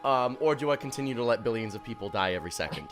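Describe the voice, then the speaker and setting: Bright, lively-voiced male game master. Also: mid-range voice, faint music behind. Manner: rambling, hesitant, quick to laugh. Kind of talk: running a tabletop game.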